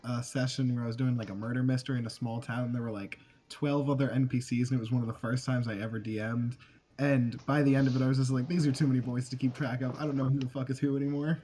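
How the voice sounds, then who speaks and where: A man playing a tabletop game, telling a quick casual anecdote. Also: medium pitch, fairly even intonation, dark tone, a little hiss or hum. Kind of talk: casual chat.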